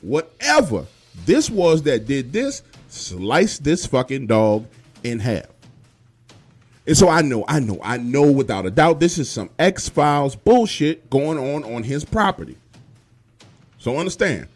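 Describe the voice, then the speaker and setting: A man is narrating a true horror story of his own in loose, profane street slang and keeps turning to talk straight to the listener. His pitch swings widely up and down as he tells it, and faint music plays underneath. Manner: addresses listener directly.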